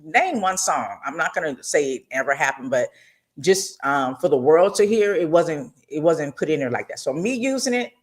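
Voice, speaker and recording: A middle-aged woman hosting a radio talk show, telling stories in a casual, expressive way with frequent asides to her listeners. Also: deep voice, normal speed.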